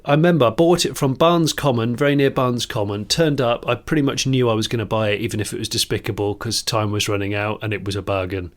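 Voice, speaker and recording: A man's voice: lowish voice, fast talker, hardly any pauses. A man co-hosting a podcast, telling rambling anecdotes in casual chat, full of restarts and laughs. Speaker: podcast co-host.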